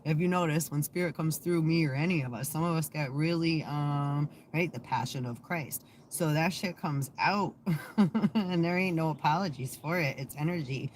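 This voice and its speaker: A woman's voice: low-pitched, normal speed, a little hiss or hum. A rambling, sarcastic, cursing woman. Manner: profane, sarcastic, laughs a lot; trails off with many fillers and restarts. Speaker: channel host. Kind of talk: casual rambling vlog chat.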